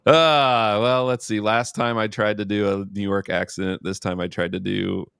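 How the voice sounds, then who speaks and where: A man's voice: on the low side, fairly even intonation, moderate pace, gravelly, a bit bright, smooth, no room sound, studio quality. A young adult man hosting a podcast, laid-back and joking, rambling a little as he wraps up. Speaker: podcast host. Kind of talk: casual podcast chat.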